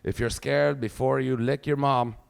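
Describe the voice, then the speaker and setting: A man's voice: mid-range voice, fairly even intonation, normal speed, gravelly, clean tone. A man in his forties with a Quebec French accent, doing a profane, exasperated stand-up rant. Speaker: stand-up comedian. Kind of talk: stand-up routine.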